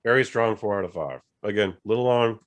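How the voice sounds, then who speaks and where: A man's voice: lowish voice, a little fast, smooth. Profane casual male podcast co-host. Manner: loose, profane, retells scenes doing the characters' voices. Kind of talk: casual movie review chat.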